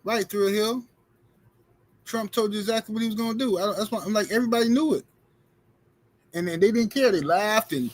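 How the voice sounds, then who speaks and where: A man's voice: high voice, fast talker, poor audio. A man hosts a live stream with a slightly raised voice, talking in blunt, casual commentary. He repeats himself for emphasis and takes a mocking edge. A faint hiss of noise sits under the stream audio. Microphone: streaming setup mic.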